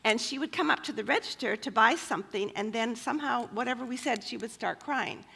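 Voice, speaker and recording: A woman's voice: a little high, fairly quick, vocal fry, bright, forceful tone, husky. A woman telling personal stories at a church women's gathering, chatty and full of fillers. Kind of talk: personal storytelling talk.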